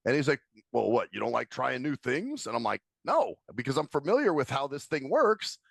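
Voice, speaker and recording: A man co-hosting a casual podcast chat, telling animated stories and laughing often. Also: mid-range voice, fairly quick, vocal fry, no room sound, clean studio sound. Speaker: podcast co-host.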